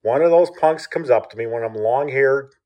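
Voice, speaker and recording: A man voicing a gruff, tough father who speaks curtly and matter-of-factly. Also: medium pitch, fairly quick, mellow, natural voice. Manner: curt, matter-of-fact, threatening. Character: gruff, tough older working-class father.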